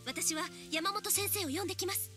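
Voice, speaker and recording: A very high, fussing schoolteacher. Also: female voice, rapid-fire, bright, forceful tone, faint music behind. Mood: concerned. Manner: concerned, politely urgent. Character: caring young female schoolteacher. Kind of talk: dubbed visual novel voice acting.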